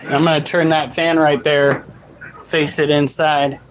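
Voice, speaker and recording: A man's voice: a little high, little pitch movement, a little slow, background noise. A man chatting on a casual live stream while caring for his pets, joking, swearing and scolding his dogs. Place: at home with animals.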